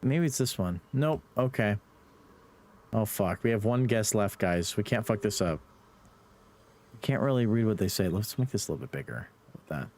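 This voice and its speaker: Lively Irish man streaming a game. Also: lowish voice, moderate pace. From Ireland. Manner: playful, swears, laughs, talks to chat. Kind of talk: live gaming stream chat.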